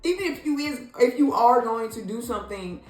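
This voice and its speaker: Sassy woman vlogger in an echoey room. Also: a little fast. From Illinois. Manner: sassy, expressive, jumps high in pitch when incredulous. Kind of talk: casual opinion commentary. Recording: echoey room, faint music.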